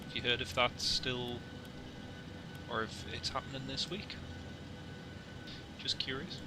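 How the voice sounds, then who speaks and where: A man's voice: mid-range voice, level tone, measured pace, very noisy. Chatty man streaming flight sim. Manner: chatty, jokey, rambling asides to viewers. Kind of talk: casual live-stream chat with radio calls.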